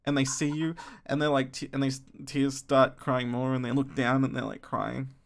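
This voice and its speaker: A man's voice: mid-range voice, level tone, normal speed, vocal fry. A man narrating as game master, describing scenes loosely with many fillers.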